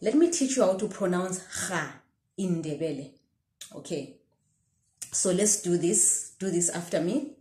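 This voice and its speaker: A woman's voice: lowish voice, lively intonation, measured pace, long pauses, dark tone. A woman teaching a language lesson, patiently modelling sounds and having the listener repeat after her. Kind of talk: slow language lesson with repetition drills. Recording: roomy echo.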